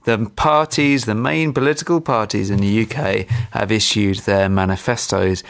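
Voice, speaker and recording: A man's voice: lowish voice, normal speed, vocal fry. A young man co-hosting an environmental podcast, chatting in a wry, rambling way. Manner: wry, rambling, self-deprecating. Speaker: podcast co-host. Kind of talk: casual chat.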